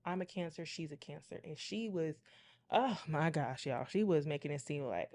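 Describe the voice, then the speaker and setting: A woman's voice: sits low, normal speed, darkish tone. Young woman, tarot reader, casual storytime, chatty and dramatic, talks to y'all. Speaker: tarot reader and channel host.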